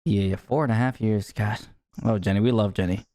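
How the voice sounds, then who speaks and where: A man's voice: on the low side, moderate pace, dark tone, dry recording, clean studio sound. A young man co-hosting a casual podcast chat, laughing often and trailing off mid-sentence. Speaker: podcast co-host.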